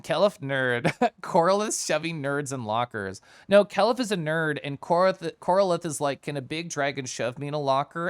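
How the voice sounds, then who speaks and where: During a casual stream chat, a man animatedly recounts a work story, mimicking other people in mocking quoted voices and laughing often as he talks. His voice is medium-pitched with a clean tone.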